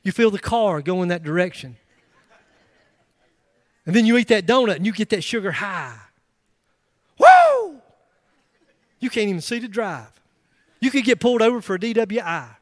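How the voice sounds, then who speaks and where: High-voiced middle-aged male pastor, emphatic sermon delivery with loud peaks and humorous asides, dry close sound. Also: lively intonation, fairly quick, long pauses, no echo. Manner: emphatic, rising to loud bursts with joking asides.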